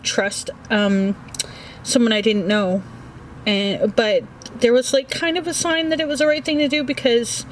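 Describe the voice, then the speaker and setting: A grieving, anxious woman talking haltingly, with many restarts and fillers, in a personal vlog recorded in a small book nook at home. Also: medium pitch, slight background noise, rough recording. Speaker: vlogger.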